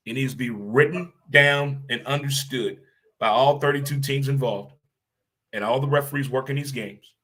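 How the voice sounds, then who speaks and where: A man delivers a solo podcast rant with blunt, emphatic energy. His voice sits at an ordinary middle pitch. He often repeats a phrase to hammer a point home, and he swears now and then. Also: sharp tone. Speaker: podcast host.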